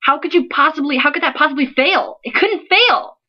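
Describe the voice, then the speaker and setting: A woman's voice: high-pitched, expressive, brisk, lo-fi sound. A young woman, giving an earnest, emotional vlog speech to her followers, pleading and scolding by turns. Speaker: founder of an online support page.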